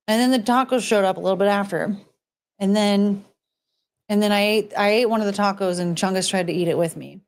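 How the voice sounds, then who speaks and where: A woman's voice: medium pitch, fairly quick. Blunt rambling woman host. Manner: rambling, blunt, swears casually. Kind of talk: casual chat reacting to clips.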